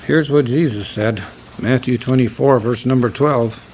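A man's voice: mid-range voice, a little mellow, slight background noise, rough recording. Stern older male preacher. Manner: stern, emphatic, reads scripture slowly. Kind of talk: sermon.

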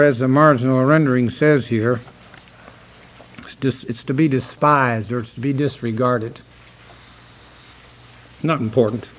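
An older man preaching a sermon, stern and emphatic, slowing down to read scripture aloud. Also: medium pitch, rough recording.

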